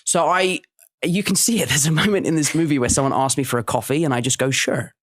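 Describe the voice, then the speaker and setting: A man with an English accent, a guest actor in a casual interview, easygoing and quick to laugh at himself. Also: a little high, a little hiss or hum. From England.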